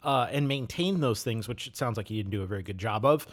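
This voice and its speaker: Casting: a thoughtful man from Wisconsin, mid-pitched, easygoing podcast host musing aloud. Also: lively intonation, fast. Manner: thoughtful, reflective, many "you know"s. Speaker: podcast host discussing a book. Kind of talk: casual chat.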